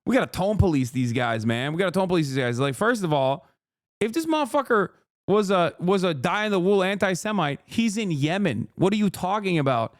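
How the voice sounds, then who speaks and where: A man's voice: sits high, dry recording, clean studio sound. Heated, profane man ranting on stream. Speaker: livestreamer. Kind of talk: casual political commentary rant.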